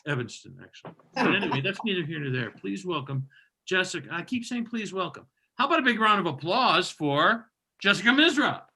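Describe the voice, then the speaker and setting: Middle-aged guy hosting a comedy show, bright sharp voice, kinda high, jokey and loud. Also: big pitch swings, a little fast, slightly rough, rough recording. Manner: loud, laughing, teasing banter. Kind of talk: bantering comedy host.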